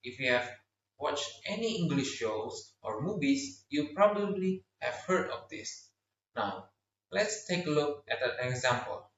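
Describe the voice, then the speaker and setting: Young male student teacher, slow and lively, voice a bit high, roomy dull recording from a distance. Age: young adult. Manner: slow, clear explanations with exaggerated stress on example words. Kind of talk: classroom pronunciation lesson.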